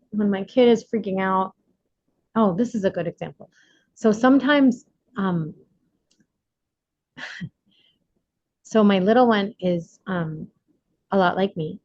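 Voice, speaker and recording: A woman's voice: a little high, darkish tone, no room sound. Chatty woman on a muffled video call. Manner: chatty, laughs often, many fillers. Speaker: workshop leader. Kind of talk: casual recovery workshop talk.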